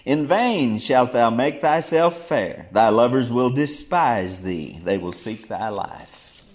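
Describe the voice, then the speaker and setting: A middle-aged man preaching a fiery Bible sermon. He drops to low murmurs, then bursts into loud exclamations. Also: lively intonation, takes it slowly.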